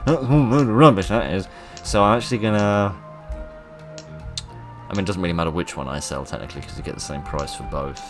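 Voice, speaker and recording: A man giving let's play commentary, excitable and self-mocking, reading game lines aloud in put-on voices. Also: deep voice, brisk, music in the background. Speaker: gaming video host.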